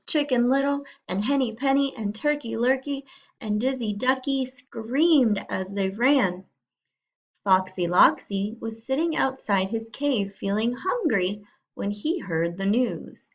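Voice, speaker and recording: A woman teacher reading a storybook aloud to young students in a slow, clear way. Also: on the high side, lively intonation, muffled recording.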